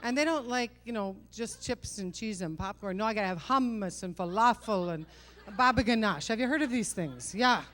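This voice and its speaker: Her pitch is medium and her tone a bit bright as this middle-aged woman does a stand-up set. She pokes fun at herself in punchy bursts and addresses the crowd with quick rhetorical asides.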